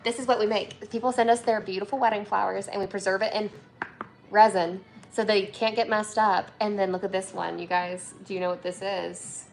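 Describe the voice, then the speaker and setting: A woman's voice: mid-range voice, flat delivery, a little fast, vocal fry, faint music behind. A woman hosting a casual livestream from her workshop, chatty and bubbly, reading viewer comments aloud and laughing often. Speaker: livestream host, flower preservation business owner.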